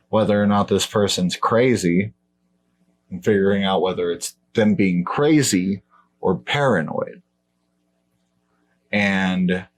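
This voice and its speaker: A man co-hosting a podcast in casual chat, blunt and profane, dismissing claims outright. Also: fairly low pitch. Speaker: podcast co-host.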